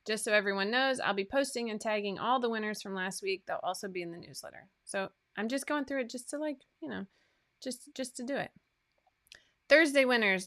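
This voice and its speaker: Chatty woman on a sewing livestream, bright voice, rambly little asides. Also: medium pitch. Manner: chatty, asides and fillers between list items. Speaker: host of a sewing pattern livestream. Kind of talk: casual livestream chat reading out giveaway winners.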